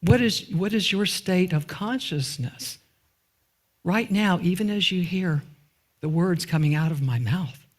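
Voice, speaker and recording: A woman's voice: lowish voice, unhurried. A woman minister giving a conversational sermon in a church, often asking the congregation questions and dropping in informal asides. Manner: asks the congregation rhetorical questions and waits for answers. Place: church sanctuary.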